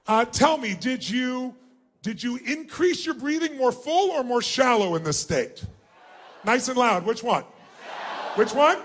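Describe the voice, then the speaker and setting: A man giving an energetic live seminar to a huge audience in a large hall, commanding them and calling for their responses. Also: very high-pitched, unhurried. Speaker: motivational speaker. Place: large hall before seven thousand people.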